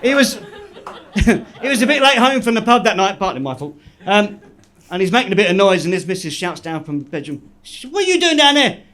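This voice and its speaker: A man doing deadpan stand-up one-liners on a comedy club stage. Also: high voice. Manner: deadpan joke delivery with quick self-laughs.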